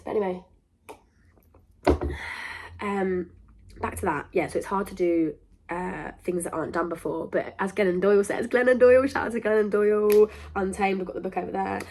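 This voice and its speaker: A woman's voice: medium pitch, a little mellow, a little hiss or hum. A young woman hosting a podcast, talking in a rambling, emphatic, self-interrupting way. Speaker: podcast host. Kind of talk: casual monologue to camera.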